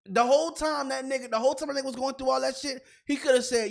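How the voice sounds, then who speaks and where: High-pitched ranting man with a gravelly edge. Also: steady tone, fast talker. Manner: profane, emphatic, repeats himself when fired up. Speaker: podcast co-host. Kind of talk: heated comedic rant.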